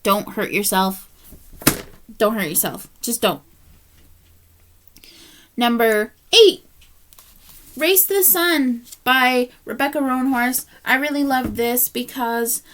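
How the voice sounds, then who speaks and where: A woman's voice: on the high side, slow pace, long pauses, a bit bright, clean tone. A woman reviewing books in a casual vlog, chatty and heartfelt, tired and yawning as she rambles. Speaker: book reviewer.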